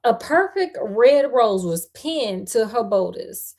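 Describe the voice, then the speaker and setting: A woman's voice: a little high, expressive, slow pace, darkish tone. A woman reading a ghost story aloud, chatty, breaking off for playful slangy asides.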